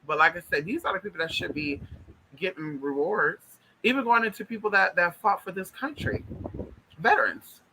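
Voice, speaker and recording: A man's voice: sits high, normal speed, sharp tone, a little hiss or hum, rough recording. A man talking straight to his viewers in a casual vlog monologue, emphatic and repetitive, calling them honey and y'all. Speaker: spiritual vlogger. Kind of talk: casual direct-to-camera monologue.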